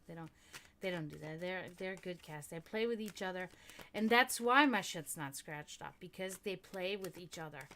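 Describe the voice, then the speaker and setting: A woman hosting a tarot reading livestream, chatting casually with viewers, excitable, swearing freely and laughing often. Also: lowish voice, a little hiss or hum.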